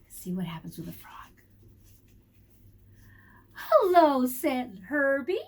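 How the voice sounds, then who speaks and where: Teacher reading to kids: a woman with a high, very expressive voice, slow and clear. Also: a little hiss or hum. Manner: warm, animated storytelling with questions to children. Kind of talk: reading a picture book aloud to children.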